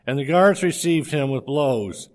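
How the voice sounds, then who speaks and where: A man reading a scripture passage aloud in a steady, measured way, with a few slips. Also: fairly high pitch.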